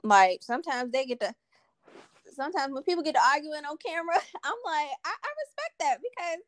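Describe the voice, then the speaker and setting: A woman's voice: high-pitched, expressive, a little fast, no echo. A woman hosting a podcast conversation, talking earnestly and repeating her key points for emphasis. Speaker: podcast host.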